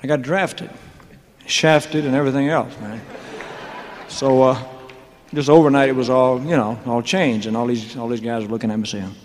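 A man's voice: mid-range voice, a little fast. A man telling his career story on stage in a loose, joking, drawling way, full of asides, with audience laughter around him. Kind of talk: rambling onstage storytelling monologue. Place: large live venue with audience laughter. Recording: live concert recording with long hall reverb and faint noise.

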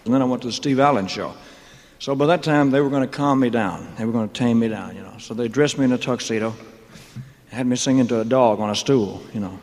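A man's voice: mid-range voice, fast, a little mellow. A man telling his career story on stage in a loose, joking, drawling way, full of asides, with audience laughter around him. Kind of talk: rambling onstage storytelling monologue. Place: large live venue with audience laughter. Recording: live concert recording with long hall reverb and faint noise.

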